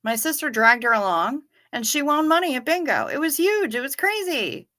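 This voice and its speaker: Woman livestream host, chatty and bright, answers viewer comments as they come in. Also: high-pitched, big pitch swings, normal speed. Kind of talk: casual chat reading viewer comments.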